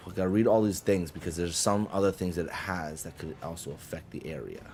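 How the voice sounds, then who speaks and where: A man's voice: low voice, a little fast, darkish tone, faint music behind. A man narrating as game master of a tabletop game, casual and rambling, often restarting mid-sentence and swearing.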